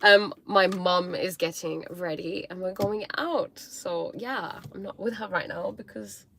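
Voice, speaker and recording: A woman's voice: fairly low pitch, fairly bright tone, slight background noise. A woman hosting a casual live stream, chatting playfully and reading comments aloud, peppering her talk with "like" and "you know". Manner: acts out her inner critic in quick mocking voices. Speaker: livestream host.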